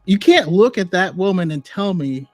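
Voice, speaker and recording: A man with a somewhat high-pitched voice hosts a casual online talk. He speaks in a relaxed, chatty, easygoing way, as if calling in remotely. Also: moderate pace, dry recording, faint music behind. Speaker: podcast host.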